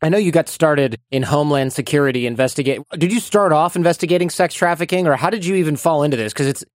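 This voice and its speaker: A male host asks his questions in a fairly high voice, reacting with empathy and working out his thoughts aloud. His voice sits close and dry, with no room sound. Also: quick pace, no echo. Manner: reactive, empathetic, thinks aloud while asking. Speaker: podcast host. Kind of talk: conversational interview.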